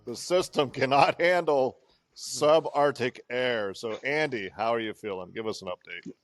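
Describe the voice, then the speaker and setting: A man's voice: mid-range voice, normal speed, no echo. Joking male podcast host. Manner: joking, teasing questions. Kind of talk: casual chat.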